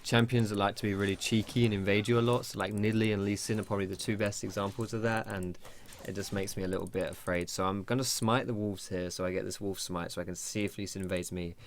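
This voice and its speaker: A man's voice: on the low side, fairly even intonation, quick pace, a little hiss or hum. A young man giving casual, rambling gameplay tutorial commentary from his computer at home. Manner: chatty, rambling, swears when surprised.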